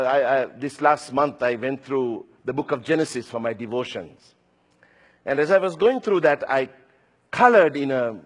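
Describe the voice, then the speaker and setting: Man, sixties, preacher, earnest sermon, lively voice, slightly high, reverberant hall. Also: slightly rough. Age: 60s. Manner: earnest, personal storytelling with scripture quotes.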